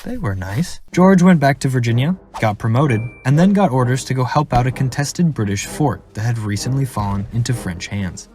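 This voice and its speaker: A young man narrating a comedic history cartoon with deadpan, playful delivery. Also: medium pitch, moderate pace, hardly any pauses, a little hiss or hum. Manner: deadpan, jokey, playful voice shifts.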